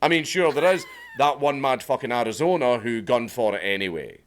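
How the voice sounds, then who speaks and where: A man with a Scottish accent delivering sarcastic, profane commentary in a mocking deadpan way. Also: mid-range voice, brisk. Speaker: video commentator. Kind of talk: sardonic scripted commentary.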